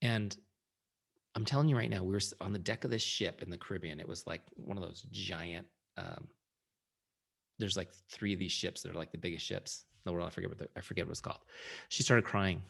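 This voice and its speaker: A middle-aged man with a low, gravelly voice leads a live sales training. He talks in a lively, conversational way and often checks that his audience is following. He sounds like a founder coaching his team. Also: brisk.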